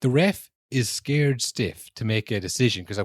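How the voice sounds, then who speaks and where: A man's voice: mid-range voice, animated, moderate pace, few pauses, no room sound, clean studio sound. A man in his twenties or thirties, co-hosting a podcast, ranting casually about football refereeing with lots of swearing and restarts. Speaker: podcast co-host.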